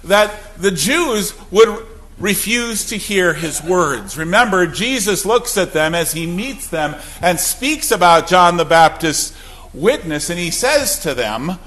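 A man's voice: high-pitched, animated, slow, a bit bright. A man preaching a sermon as a pastor, emphatic and full of rhetorical questions.

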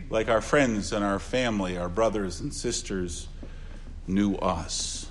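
An older male pastor delivers an earnest funeral sermon at a middling pitch. He repeats key phrases for weight, drops to quiet, low asides, then lifts his voice for emphasis. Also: expressive, measured pace.

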